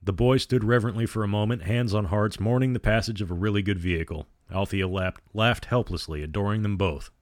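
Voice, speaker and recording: A man narrating a storybook in a measured, even reading. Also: lowish voice, dry recording, studio quality.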